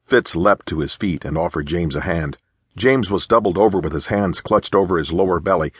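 A man reading a historical novel aloud as audiobook narrator, in measured storytelling. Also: low-pitched, slightly rough, dry recording. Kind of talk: scripted narration.

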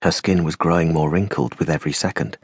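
Guy reading a kids audiobook, kinda breathy voice, slow and dramatic, drops real quiet on the sad bits. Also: a bass voice, fairly even intonation, dry recording, clean studio sound. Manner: measured and dramatic, slowing and dropping to a hush on grave moments. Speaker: audiobook narrator. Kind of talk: scripted audiobook narration.

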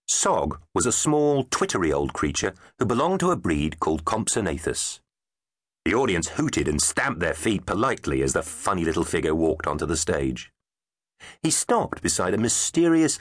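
Playful male storybook narrator, lower voice with very animated delivery, dry studio. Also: dry recording. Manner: playful and emphatic. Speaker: audiobook narrator. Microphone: studio microphone. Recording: dry close studio sound.

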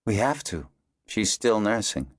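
A man voicing a calm, gentle mother who speaks in a soft, reassuring way. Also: on the low side, measured pace, no room sound, clean studio sound, pitched above the performer's own voice.

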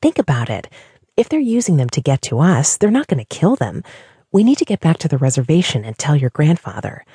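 A woman's voice: sits low, big pitch swings, fairly quick, mellow, breathy edge, no room sound, clean studio sound, exaggerated voice. A woman voicing an anxious but determined young woman who pleads and pushes her point, at times heatedly. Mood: coaxing. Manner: pleading, rising to heated insistence.

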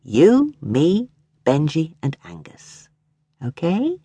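A man's voice: a little high, wildly swooping pitch, slow, dark tone, husky, no room sound, heavily acted. A woman voicing a stern, condescending middle-aged husband who lectures in a coolly reasonable tone, in an audiobook reading. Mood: lecturing.

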